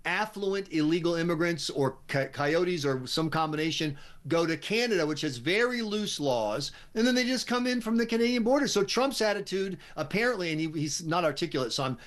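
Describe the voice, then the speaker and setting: High-voiced American man, wry commentator. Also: animated, fairly bright tone. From United States. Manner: brisk, wry, opinionated. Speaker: guest commentator. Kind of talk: talk radio discussion.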